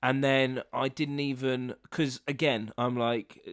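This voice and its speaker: A man's voice: mid-range voice, little pitch movement, takes it slowly, fairly bright tone, no echo, studio quality. Blunt, sarcastic man ranting. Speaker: podcast co-host. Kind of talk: casual podcast chat.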